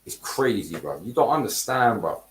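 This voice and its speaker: A man's voice: fairly low pitch, sing-song, normal speed. A man hosting a football podcast, ranting heatedly in casual chat, swearing and using heavy street slang.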